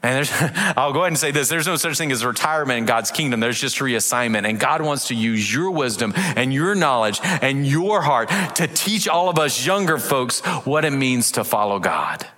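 A man preaching a sermon as pastor, animated, acting out little voices and reading scripture aloud. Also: medium pitch, moderate pace, big-room sound.

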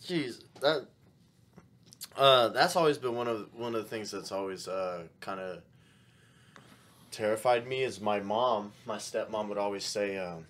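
Chatty man full of quick agreement. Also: lowish voice, fairly bright tone. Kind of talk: casual chat.

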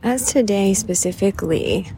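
A woman hosting a podcast, giving a measured, contemplative monologue that sometimes drifts into soft whispers. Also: medium pitch, lively intonation. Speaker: podcast host. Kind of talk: slow reflective monologue. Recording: background noise.

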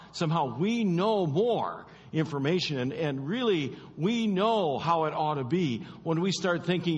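A man preaching a sermon in an emphatic, repetitive way, often sinking to low, quiet stresses. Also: slightly rough, in a large hall.

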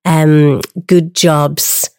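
A woman hosting an interview podcast, engaged and quick to affirm her guest. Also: sits low, little pitch movement, a little mellow, clean tone, dry recording, studio quality. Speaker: podcast host. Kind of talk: conversational interview.

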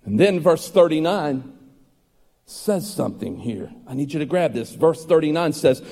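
A man preaching a sermon as pastor, building to loud, ringing emphasis. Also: on the high side, expressive, moderate pace, gravelly. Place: church sanctuary. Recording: long hall reverb with faint music.

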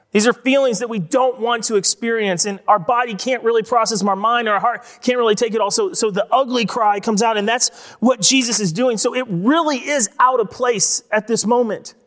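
A pastor preaching a sermon in a conversational way, repeating words for emphasis. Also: male voice, very high-pitched, fairly bright tone. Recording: long reverb of a large hall.

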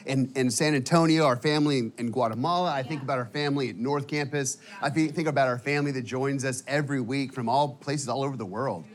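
A man preaching a sermon in a church, energetic and casual, with many fillers and restarts, sometimes emotional. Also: mid-range voice, quick pace, few pauses. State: emotional at times. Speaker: guest preacher. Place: church auditorium.

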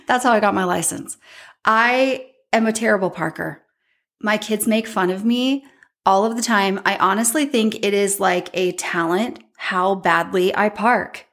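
A woman's voice: medium pitch, measured pace. Chatty woman podcaster telling stories. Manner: animated, laughs often, acts out quotes. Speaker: podcast host. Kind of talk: personal storytelling.

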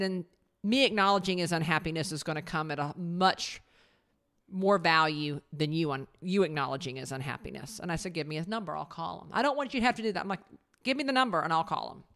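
A woman who owns a company, telling a business story in casual conversation, animated and full of restarts. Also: lowish voice, quick pace. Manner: animated, many restarts and acted quotes. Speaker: podcast guest, business owner.

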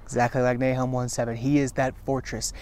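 A man's voice: medium pitch, little pitch movement, a little mellow. A man giving an earnest devotional talk to camera. He repeats phrases for emphasis and often restarts his sentences. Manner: halting with frequent restarts. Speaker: Christian video teacher.

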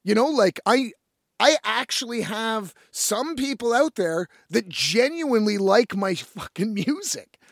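A young man and independent musician telling a story in a casual, animated way, swearing freely and addressing listeners as folks. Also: sits high, a little slow, creaky, no echo, clean studio sound.

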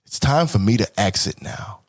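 Husky, animated male podcast host. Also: fairly low pitch, normal speed, no room sound. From Kansas City, Missouri. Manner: animated, acts out voices, swears freely. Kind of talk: comic storytelling.

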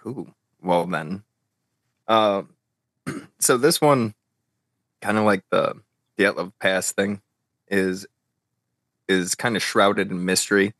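A man's voice: fairly low pitch, takes it slowly, long pauses, a bit bright, no echo. A man on a podcast in casual chat, laid-back, telling a mystery story and swearing now and then. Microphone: headset and desk mic.

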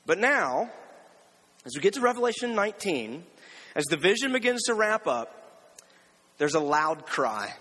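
A man's voice: sits high, sing-song, sharp tone, slightly rough. Conversational male preacher in a reverberant hall. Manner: conversational, asks "right?" often and slows down for emphasis. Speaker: pastor. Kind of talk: sermon with scripture reading.

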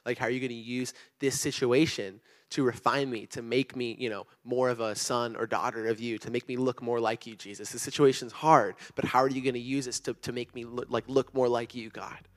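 A man's voice: medium pitch, steady tone, a little fast, hardly any pauses. A young man preaching to a youth group in a church room, earnest and conversational, with many fillers. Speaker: youth pastor. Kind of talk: sermon to students.

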